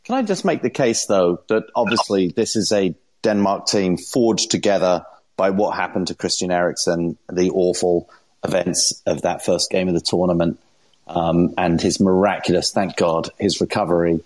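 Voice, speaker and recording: Earnest man with a lowish voice. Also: darkish tone. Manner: earnest, measured, analytical. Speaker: podcast co-host. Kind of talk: football analysis chat.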